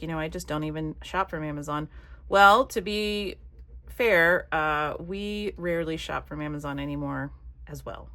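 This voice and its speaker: A woman chatting casually while she crafts, rambling from one thought to the next and dropping soft muttered asides. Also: fairly low pitch. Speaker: craft vlogger.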